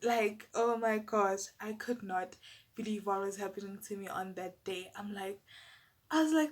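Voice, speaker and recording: A young South African woman telling a personal story to camera in a casual, animated, exasperated way. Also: mid-range voice, unhurried, slight background noise. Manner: animated, exasperated, lots of fillers and asides to viewers.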